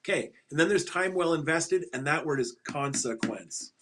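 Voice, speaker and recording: A man's voice: on the high side, lively intonation, normal speed, noisy background. A middle-aged man speaking as a guest on an interview show. He tells stories with emphasis, repeats his punchlines, and laughs at his own jokes. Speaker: podcast guest, financial advisor. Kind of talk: animated interview storytelling.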